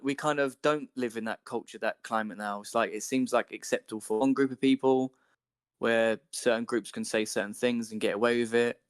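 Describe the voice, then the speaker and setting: A man's voice: fairly low pitch, smooth, no echo, studio quality. Man ranting in casual chat. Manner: ranting, animated, swears freely.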